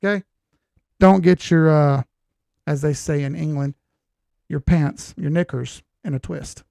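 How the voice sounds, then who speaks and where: A man's voice: on the high side, unhurried, gravelly, warm tone, dry recording, clean studio sound. A man in his forties hosting a crypto chart analysis show in a folksy, rambling, jokey way. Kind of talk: casual chart analysis talk.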